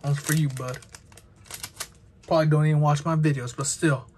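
A young man chatting excitedly with lots of filler words while opening trading card packs. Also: a little high, brisk, slight background noise. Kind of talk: casual unboxing commentary.

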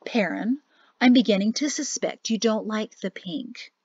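A woman's voice: mid-range voice, measured pace, breathy edge, no echo. A woman voicing a cheerful, pushy older mother-in-law who talks in a sing-song way. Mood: chirpy. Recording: dry, slightly muffled audio.

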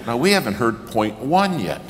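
In a reverberant church hall with faint ambience and slight background noise, a male guest preacher delivers a sermon as a story. He speaks at medium pitch and a moderate pace, performing lively quoted lines that build into raised, shouted passages.

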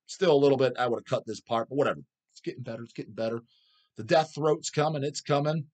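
Male channel host, mid pitch, profane blunt rant style, crude and casual. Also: fast talker, darkish tone. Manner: blunt, crude, swears constantly. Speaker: channel host answering viewer questions.

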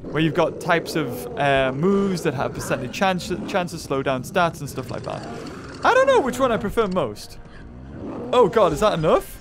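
Excitable high-voiced man gaming. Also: noisy background. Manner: excitable, thinking aloud, bursts of high-pitched shouts. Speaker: gaming YouTuber. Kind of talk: game commentary.

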